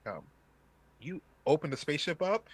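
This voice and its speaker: A man's voice: fairly high pitch, sing-song, normal speed, breathy edge. A man narrating a tabletop game as game master, casual and full of fillers.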